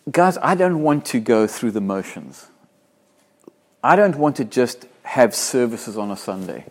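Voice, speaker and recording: Pastor, male, from Africa, middle-pitched voice; an earnest, emphatic sermon delivery with slowed scripture readings. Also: darkish tone. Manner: earnest, emphatic, slows and swells when quoting scripture.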